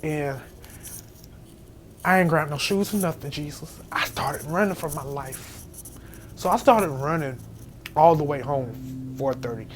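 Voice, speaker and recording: A young man telling a scary story in casual storytime style, animated and jumping to high squeals when he quotes himself. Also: a little slow, long pauses. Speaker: storyteller vlogger. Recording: faint background noise.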